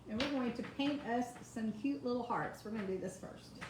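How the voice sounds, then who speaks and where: A woman's voice: a little high, lively intonation, fast talker, few pauses, noisy background. Chatty woman demonstrating crafts. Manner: chatty, greets viewers by name. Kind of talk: live craft tutorial. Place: home kitchen. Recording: echoey kitchen, faint ambience.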